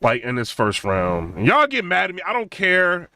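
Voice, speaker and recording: A man's voice: high voice, wildly swooping pitch, normal speed, pushed and bright, a little hiss or hum. A man hosting a channel, reviewing a rap battle in casual, rambling commentary and trailing off with "man" and "bro". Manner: laid-back, rambling, drawls "man" and "bro", laughs between points.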